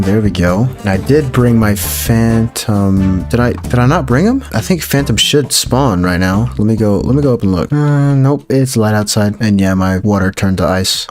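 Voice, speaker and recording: An excitable man talks his way through a video game in a lowish voice, thinking aloud, joking and now and then humming a tune. Game music plays clearly behind him. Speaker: gaming YouTuber. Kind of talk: let's play commentary.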